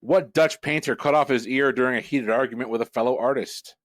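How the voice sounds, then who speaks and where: A man's voice: mid-range voice, dry recording. Man reading trivia questions, dry sound. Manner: brisk, matter-of-fact question reading. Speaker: trivia quiz host. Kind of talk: reading quiz questions, casual banter.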